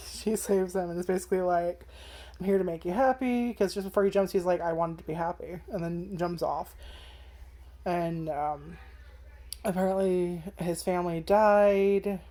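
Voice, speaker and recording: Young woman rambling about an anime, swears a ton, says like constantly, low-ish warm voice. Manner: chatty and profane, with many fillers. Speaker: anime reviewer. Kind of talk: casual first-impressions rant.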